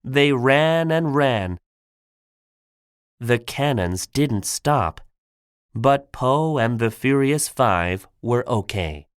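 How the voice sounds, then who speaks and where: A man narrating a simple graded-reader audiobook for learners, clear and deliberate. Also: mid-range voice, expressive, no room sound, studio quality.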